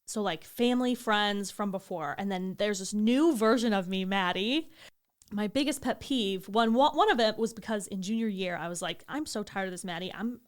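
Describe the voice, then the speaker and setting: A woman's voice: medium pitch, moderate pace, clean tone. A young woman co-hosting a podcast, telling a story in a casual chat, acting out quotes and swearing freely. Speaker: podcast co-host.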